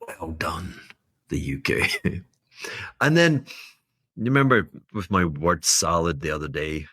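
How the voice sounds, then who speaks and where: A man's voice: low-pitched, big pitch swings, unhurried, fairly bright tone, no echo, studio quality. A man hosting a solo podcast, giving rambling, wry, self-mocking market commentary with laughing asides. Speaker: podcast host.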